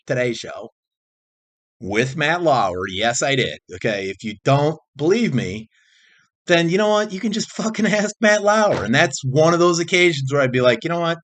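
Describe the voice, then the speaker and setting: A man's voice: mid-range voice, fairly bright tone. A man vlogging in a rambling, casual monologue, cursing freely, restarting sentences and jumping between topics. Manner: frequent restarts and repeated phrases.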